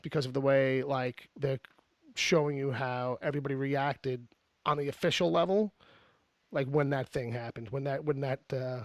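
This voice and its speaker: Male podcast host, gravelly, a touch high, loose rambling chat, dry close mic. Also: steady tone, moderate pace, dry recording. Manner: rambling, joking, with frequent fillers and restarts.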